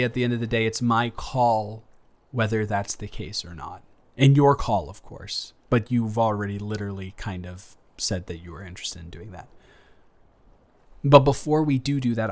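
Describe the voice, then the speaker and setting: A man playing an earnest, halting young guy. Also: lowish voice, lightly acted. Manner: halting, hesitant, frequent restarts. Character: earnest young man, best friend's older brother. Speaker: audio roleplay performer. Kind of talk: improvised romantic audio roleplay.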